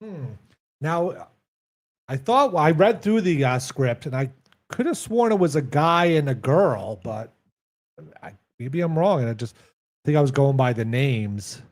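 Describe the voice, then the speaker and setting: A man's voice: a little high, animated, measured pace. A man co-hosting a comedy podcast, easygoing and a little hesitant as he banters and reads a script aloud. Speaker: podcast co-host.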